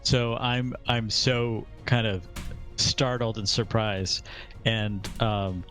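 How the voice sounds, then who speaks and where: A man's voice: fairly low pitch, little pitch movement, slow, a bit bright, soft background music. A man playing a tabletop game, chatting casually and recapping events with a laugh. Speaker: player.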